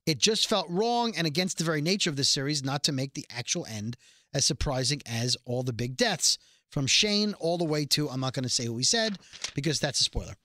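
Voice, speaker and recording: A man co-hosting a podcast, chatting quickly and casually and reading aloud from a letter. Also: a little high, sharp tone, dry recording, clean studio sound. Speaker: podcast co-host. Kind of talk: casual chat.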